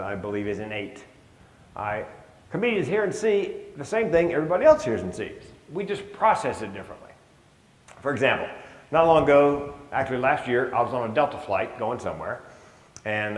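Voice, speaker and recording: A man in his sixties, a stand-up comedian, telling wry stories to an audience in a conversational way. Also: on the high side. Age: 60s. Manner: conversational, wry, acts out quoted voices. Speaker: stand-up comedian giving a talk. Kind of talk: storytelling talk with slides. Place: large hall with audience. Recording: echoey hall with long reverb.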